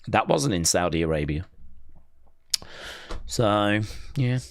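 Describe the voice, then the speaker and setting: A man's voice: fairly low pitch, expressive, slow, gravelly, dry recording. A man hosting a live wrestling watch-along, reading chat and riffing with dry sarcasm and lots of fillers. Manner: sarcastic, jokey, rambling with fillers.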